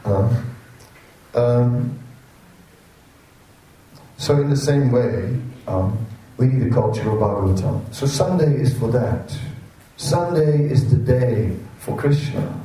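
A man preaches in a loose, storytelling way, slow and mellow. His voice is picked up from a distance in a very reverberant temple hall. A faint room hum sits behind him. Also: mid-range voice, lively intonation. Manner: chatty, anecdotal, laughs at own jokes. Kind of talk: informal sermon. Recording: roomy echo, speaker away from the mic.

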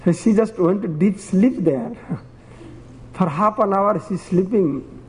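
A man's voice: high-pitched, takes it slowly, in a large hall, poor audio. A man preaching a devotional sermon and telling parables in simple, broken phrasing, chuckling at his own stories.

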